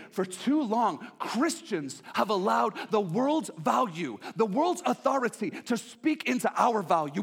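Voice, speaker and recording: A man preaching a sermon, impassioned and pleading, who moves from hushed tones to shouting and repeats his appeals. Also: sits high, gravelly, husky.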